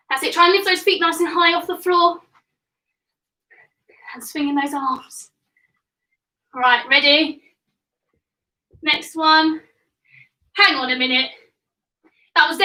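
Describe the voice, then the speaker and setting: Slightly breathless, the young woman keeps the children's live workout upbeat, counting reps and cheering them on from a home room. Her high voice has a sharp tone, recorded from a distance with roomy, low-quality sound.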